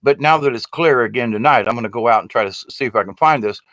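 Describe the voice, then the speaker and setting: A man's voice: mid-range voice, fast, fairly bright tone, no room sound. Rambling, indignant older man, dry sound. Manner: rambling, grows indignant and exasperated. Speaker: video blogger. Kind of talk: rambling casual monologue.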